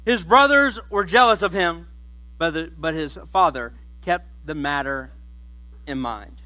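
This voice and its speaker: A male pastor speaks in a high, bright voice. He preaches in church in a relaxed, joking, conversational way and keeps the story moving. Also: measured pace, rough recording. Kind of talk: sermon.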